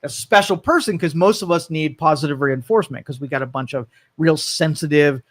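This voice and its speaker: A man's voice: fairly high pitch, fairly quick. A man hosting a call-in talk show, talking casually and rambling through opinions and comic stories. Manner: rambling, animated storytelling. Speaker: radio talk show host.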